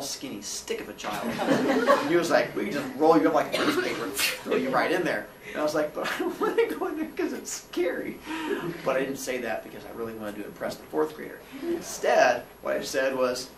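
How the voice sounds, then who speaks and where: A lively man telling a comic story about his own childhood. His pitch swings wide as he acts out the voices of those in it. He sits a little back from the mic in an echoey room with faint ambience. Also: far from the mic, background noise. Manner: animated, acts out voices with squeals and laughs.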